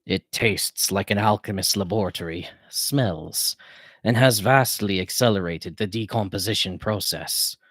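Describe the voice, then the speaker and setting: A man voicing a weary, mournful old male wizard in audiobook narration, speaking slowly and heavily. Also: fairly low pitch, fairly bright tone, no echo. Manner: slow, measured and heavy. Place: home.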